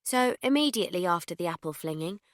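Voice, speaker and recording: A young woman narrates in the first person in a fairly low voice. Her delivery is deadpan, letting dark jokes land flatly. The recording is dry and close, with no room sound. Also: fast, dry recording. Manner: deadpan, darkly comic asides. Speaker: audiobook narrator.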